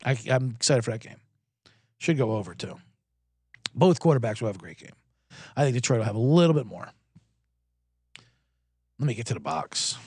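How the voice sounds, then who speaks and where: A man hosts a comedy sports podcast, ranting sarcastically and cursing freely. His voice swings widely in pitch as he fires off complaints. The recording is close and dry. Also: lively intonation, normal speed, pauses often, a little mellow, breathy edge, no echo. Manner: ranting, sarcastic, profane, self-interrupting. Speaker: podcast host.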